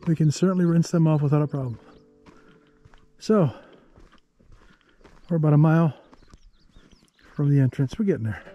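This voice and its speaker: A man narrating a hike to the camera on an outdoor canyon trail, easygoing and chatty, thinking aloud with pauses. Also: a little high, mellow, lo-fi sound, faint music behind. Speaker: travel vlogger.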